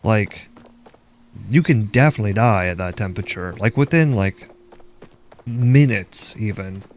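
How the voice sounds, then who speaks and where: A young man from Minnesota rambles through casual talk while gaming, peppering it with "like." He sounds animated yet unhurried, his lowish voice a little mellow, with a faint hiss or hum in the audio.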